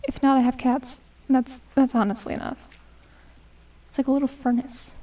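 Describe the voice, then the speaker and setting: A woman's voice: high voice, fairly even intonation, normal speed, mellow. A young woman streaming a game, chatting to herself and her chat, muttering and humming as she plays. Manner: chatty self-talk, hums and mutters while playing. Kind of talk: casual gameplay commentary. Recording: voice a bit distant from the mic.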